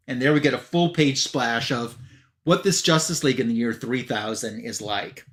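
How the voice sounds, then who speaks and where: A man's voice: mid-range voice, moderate pace. A man hosting a live comic book show, casually retelling a comic's story and loosely reading out the characters' lines, with fillers like "um" and "you know". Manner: relaxed, loosely reads out character dialogue with fillers. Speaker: comic book podcast host. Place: live stream.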